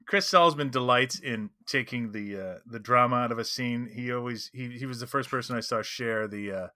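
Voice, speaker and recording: A male podcast co-host with a bright, crisp tone, telling lively anecdotes in casual chat. His voice sounds close and dry, with almost no room around it. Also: mid-range voice, moderate pace, no echo.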